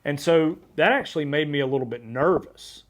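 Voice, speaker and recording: A man hosting a podcast, telling a hunting story in a casual, energetic way with frequent restarts. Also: fairly high pitch, brisk. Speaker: podcast host.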